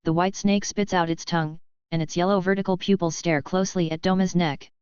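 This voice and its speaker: Smooth low-voiced woman narrating an audiobook. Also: fairly even intonation, fairly quick, darkish tone, no echo, dull audio. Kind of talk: plain narration of a translated web novel.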